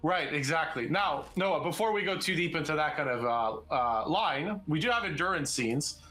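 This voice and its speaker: A man's voice: fairly high pitch, expressive, moderate pace, sharp tone. A young man co-hosting a live stream, chatting casually and rambling with many fillers and restarts. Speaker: co-host of a live interactive show.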